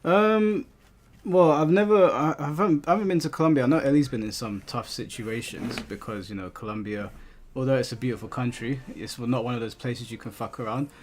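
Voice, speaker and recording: A man's voice: medium pitch, fairly quick. A man from England hosting a gaming stream, telling stories in a rambling way with frequent restarts. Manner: rambling storytelling with many restarts. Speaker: streamer host. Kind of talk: casual chat on a gaming stream.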